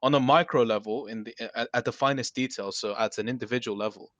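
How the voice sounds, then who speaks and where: A man hosting a casual podcast discussion, talking in halting restarts as he thinks his view through. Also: medium pitch, steady tone, a bit bright, no room sound. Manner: hesitant, many restarts, thinking aloud.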